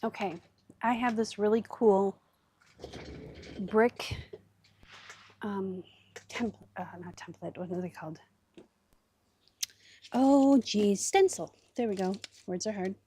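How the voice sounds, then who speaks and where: A woman's voice: mid-range voice, steady tone, unhurried, long pauses, mellow, a little hiss or hum. Chatty woman demonstrating crafts. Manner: chatty, self-deprecating, thinks aloud with fillers. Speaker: crafting livestream host.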